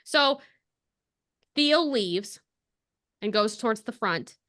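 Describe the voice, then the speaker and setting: Animated, chatty woman co-host retelling a plot, fairly high-pitched, laughs a lot. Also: takes it slowly. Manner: animated, laughs often, many fillers. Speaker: podcast co-host. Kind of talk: casual chat retelling a story.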